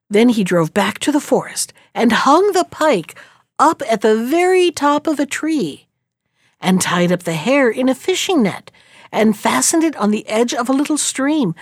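A woman reading a fairy tale aloud in an expressive, unhurried storytelling manner. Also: a little high, no echo, clean studio sound.

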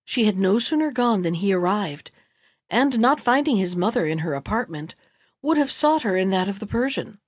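A woman narrating an audiobook of an old tale in a measured, steady way. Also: mid-range voice, no room sound, clean studio sound. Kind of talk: audiobook reading.

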